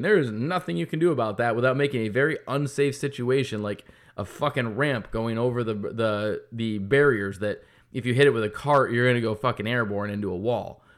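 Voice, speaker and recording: A man who runs a business, telling a frustrated story in a casual, profane, heated monologue. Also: mid-range voice. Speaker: business owner opening a kart track.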